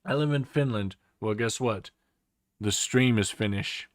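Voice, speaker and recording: A man's voice: fairly low pitch, unhurried. Rambling Australian man streaming. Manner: rambling, opinionated, many fillers. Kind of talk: casual live-stream chat.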